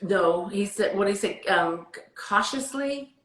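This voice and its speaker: A woman's voice: mid-range voice, expressive, measured pace, a bit bright, echoey room, rough recording. A woman guest telling a heartfelt, rambling story about her faith in casual chat. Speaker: guest singer. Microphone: video call.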